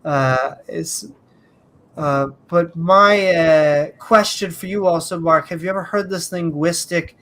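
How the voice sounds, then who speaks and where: A man with a notably high voice chats on a panel in a loose, jokey, animated way. He leans on filler sounds as he works his way toward his point. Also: takes it slowly. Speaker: panelist on a skeptic discussion show. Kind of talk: casual debate chat.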